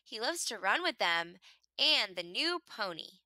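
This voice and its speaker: A woman reading a children's picture book aloud in an expressive storytelling manner, making the animal sounds herself. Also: mid-range voice, a little slow, no echo.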